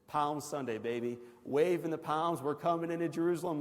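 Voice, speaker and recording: A man from Missouri giving a personal testimony as a Christian guest speaker, telling his story dramatically, swinging from loud excited bursts to hushed near-whispers and asking the audience questions. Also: on the high side, a little fast, few pauses. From Missouri, USA. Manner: asks the audience direct questions. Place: large banquet hall. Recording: long hall reverb from a large room.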